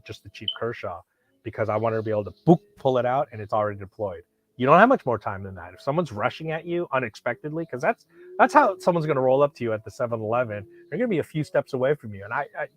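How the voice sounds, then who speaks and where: Rambling profane man telling a story. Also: mid-range voice. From Hollywood, California. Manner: rambling, animated, profane, many restarts. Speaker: knife collector vlogger. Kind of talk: casual storytelling.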